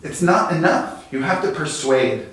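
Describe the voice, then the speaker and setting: A man speaking as a guest design executive, telling lively workplace anecdotes that speed up in quick bursts. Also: fairly high pitch. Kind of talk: conversational storytelling. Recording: very echoey room, distant mic.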